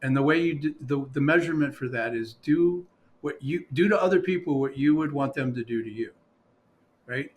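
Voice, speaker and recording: A man's voice: medium pitch, brisk. A man telling a story in casual conversation, rambling with fillers and restarts and quoting what others said to him.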